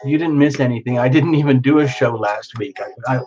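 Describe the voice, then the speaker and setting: A man's voice: mid-range voice, brisk, a little mellow. A man hosting a live tarot stream, greeting viewers by name in a teasing, chatty way. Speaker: tarot livestream host. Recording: dull lo-fi sound with music behind.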